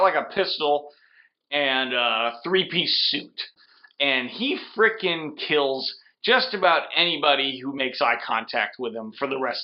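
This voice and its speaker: A man's voice: mid-range voice, dull audio. Rambling drunk man retelling a movie. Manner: rambling, slurring storyteller with restarts. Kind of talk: drunk comedic movie recap.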